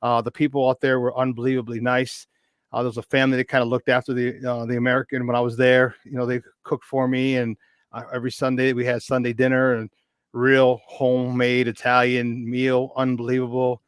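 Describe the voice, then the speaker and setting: A man in his fifties, a podcast guest telling a story in a chatty, animated way. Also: mid-range voice, brisk, clean tone, dry recording. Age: 50s. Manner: chatty, animated, with many restarts. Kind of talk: casual storytelling.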